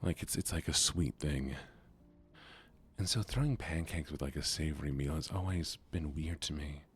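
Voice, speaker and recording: A man streaming a game in a soft-spoken way, chatting with his viewers in a relaxed manner. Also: a bass voice, normal speed, husky, soft background music.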